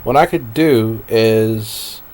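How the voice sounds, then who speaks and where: A man's voice: on the low side, extremely slow, a little mellow. A man live streaming at his computer, rambling to himself with frequent laughs as he browses. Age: adult. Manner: meandering, talks to himself, laughs often.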